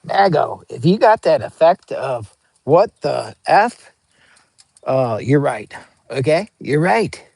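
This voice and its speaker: Man, gravelly husky voice, goofy rambling vlogger, swears and uses slang, dry close sound. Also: fairly high pitch, big pitch swings, a little slow, darkish tone, no echo. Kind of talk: casual product review vlog. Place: camping outdoors.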